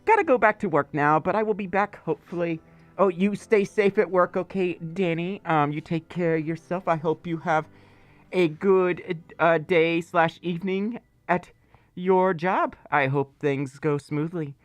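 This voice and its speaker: Medium in pitch and measured in pace, this streamer from Mississippi chats loosely on a livestream, wandering from topic to topic and teasing playfully. A lingering cough from being sick keeps breaking through.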